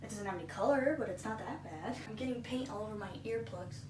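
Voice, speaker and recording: A woman's voice: mid-range voice, fast talker. Chatty woman vlogging in an echoey room. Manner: chatty, self-deprecating, exasperated asides. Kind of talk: casual painting-along commentary. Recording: echoey room, far from mic, noisy.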